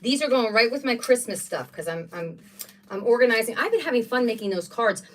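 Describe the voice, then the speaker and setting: A middle-aged woman hosting a craft livestream, chatting in a rambling, excitable way while she unpacks supplies at home. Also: fairly high pitch, fairly quick, far from the mic. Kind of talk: casual chat while unboxing craft supplies.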